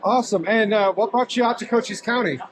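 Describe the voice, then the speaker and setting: Upbeat guy hosting a vlog, highish voice, short friendly questions. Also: fast, crowd noise. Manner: upbeat, brief interviewer prompts. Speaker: host. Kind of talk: vlog walking tour with interviews. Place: outdoors at a busy expo.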